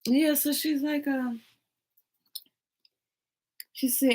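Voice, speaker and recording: A woman hosting her own live stream, chatting casually and telling a long, rambling story. She laughs often, swears freely and jumps between tangents, all in a fairly high voice. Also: slow, pauses often, a little mellow. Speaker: tarot live-stream host.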